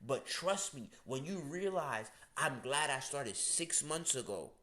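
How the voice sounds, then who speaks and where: A man's voice: mid-range voice, expressive, measured pace, sharp tone. A man, ranting bluntly and casually as an astrology host, swearing and using slang. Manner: blunt, profane, slangy, emphatic. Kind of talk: casual direct-to-camera rant.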